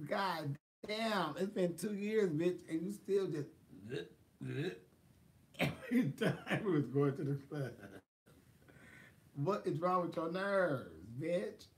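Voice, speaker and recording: Sassy vlogger man, slightly raised pitch, chatty and animated. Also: slow pace, long pauses. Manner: sassy, animated, laughs often, quotes people in exaggerated voices. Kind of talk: casual storytelling chat.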